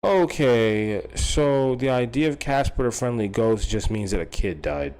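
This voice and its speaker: A man's voice: medium pitch, lively intonation, measured pace, darkish tone. A man hosting a stream, rambling through a casual comedic rant, swearing freely and laughing at his own jokes. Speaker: stream host.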